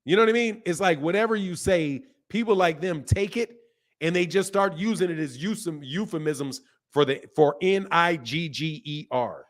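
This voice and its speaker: A man's voice: fairly high pitch, normal speed. A man hosting a live boxing stream, chatting casually and reading out viewers' names from the chat. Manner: animated, talkative, reads chat names aloud. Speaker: boxing channel host.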